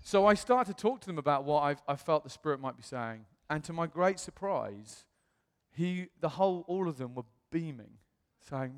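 A British man tells a story from the pulpit, bouncing into acted-out voices as he goes. His voice sits a little high for a man. The sound rings out with a long reverb through the hall. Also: moderate pace, smooth. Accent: British English. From England. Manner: animated, acts out quoted voices. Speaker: pastor. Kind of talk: storytelling sermon.

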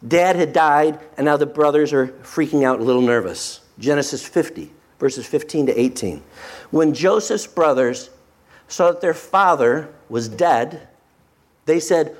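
A male pastor preaching a sermon, emphatic and swinging from animated to hushed. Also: on the high side, a little slow.

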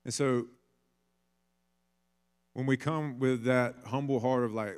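A man delivering a sermon at a middle pitch. He talks casually, like he is telling a story. He sometimes acts out the voices of the people he describes. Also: fairly even intonation, takes it slowly, pauses often, a little mellow, clean tone. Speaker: pastor.

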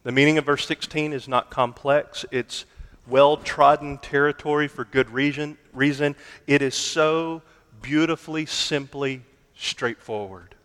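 A man preaching a sermon, deliberate and emphatic, stretching key words for weight. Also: a little high, steady tone, a bit bright, clear, resonant tone. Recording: long hall reverb.

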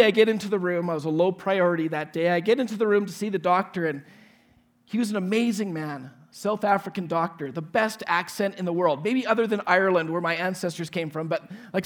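A pastor in his forties preaches with a fairly high voice. He tells a personal story, acting out each person's lines with animation before turning to scripture. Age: 40s.

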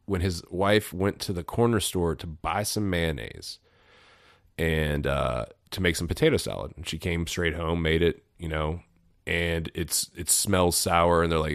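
A man with a very low voice rambles through a casual podcast chat, swearing freely and laughing along. His voice sits close and dry on the mic. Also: normal speed, no room sound. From Louisville, Kentucky. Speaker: podcast host.

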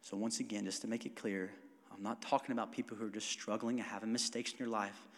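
A man preaching a sermon as pastor, moving from quiet, near-whispered passages to loud, emphatic stretches and calling on the congregation to answer back. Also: lowish voice, fairly even intonation, fast. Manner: calls for congregation responses. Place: church sanctuary. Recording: long hall reverb.

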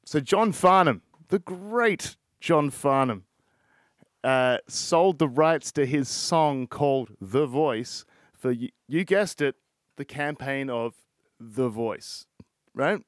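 A man hosts a solo podcast and talks in a loose, rambling rant. He sounds frustrated and swears constantly. His voice sits at an ordinary pitch and is recorded dry and close. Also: expressive, takes it slowly, no room sound. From Australia. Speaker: podcast host.

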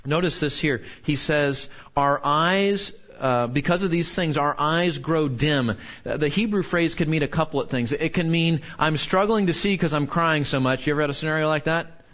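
A man's voice: moderate pace, fairly bright tone. Earnest preaching man, dull recording. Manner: earnest, rises sharply when quoting and falls low when somber. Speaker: pastor. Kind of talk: sermon.

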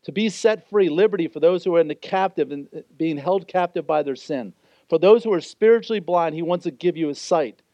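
A man's voice: a little high, brisk, dark tone, dry recording, muffled recording. A man preaching a sermon as pastor, explaining scripture in an earnest way and briefly acting out the voices he quotes.

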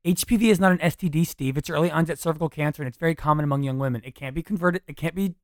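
A man voicing an angry, drunk young woman in a story he tells, scolding in a high, strained voice. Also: racing, no room sound, studio quality, natural voice.

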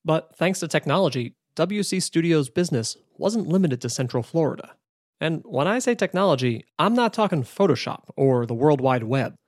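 A male narrator telling a documentary story in a measured, scripted way. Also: a little high, lively intonation, no room sound, clean studio sound.

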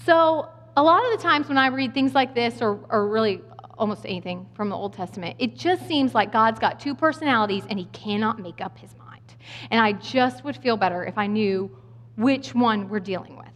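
Animated woman preaching in a big hall. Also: on the high side, normal speed. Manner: animated, humorous, acts out voices. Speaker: speaker giving a sermon. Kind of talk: storytelling sermon. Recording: long hall reverb.

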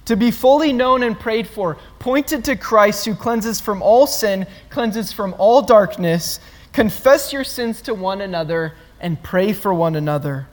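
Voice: medium pitch, unhurried. A pastor preaching a sermon to the congregation, earnest, building points through repeated phrases. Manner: earnest, repetitive emphatic phrasing. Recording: long reverb of a large hall.

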